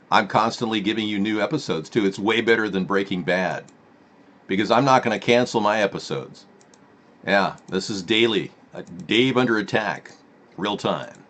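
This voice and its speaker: A man's voice: fairly low pitch, normal speed, pauses often, a bit bright. A man hosting a live-stream political talk show in a rambling, sarcastic manner. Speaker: host.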